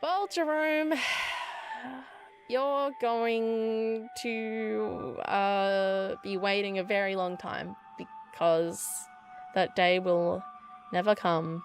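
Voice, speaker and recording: A woman's voice: mid-range voice, steady tone, drawn-out words, faint music behind. A woman voicing a grumpy, sarcastic young hunter in her own voice. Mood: wry.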